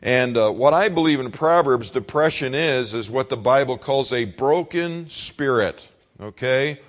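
A man's voice: mid-range voice, a little slow. Folksy middle-aged male preacher. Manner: folksy, conversational, acts out his father's shouting. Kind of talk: sermon with personal storytelling.

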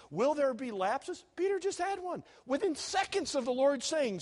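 Animated man preaching, lively pitch swings. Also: normal speed, few pauses. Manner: animated, swings loud and soft, chuckles at own jokes. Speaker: preacher teaching students. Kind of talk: sermon.

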